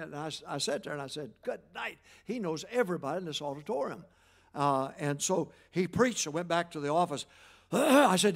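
An older preacher with a gravelly, fairly high voice. He tells stories quietly and then rises into loud calls to his listeners. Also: lively intonation, moderate pace. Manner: folksy preaching, swings from loud exhortation to quiet storytelling. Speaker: pastor. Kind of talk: sermon.

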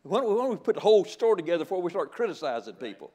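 An older man preaching with a slightly high voice. He keeps a folksy, joking tone throughout the sermon. He often trips over his words and starts his phrases again. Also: very animated, rapid-fire, warm tone. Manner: folksy and joking, with frequent stammered restarts. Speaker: guest preacher.

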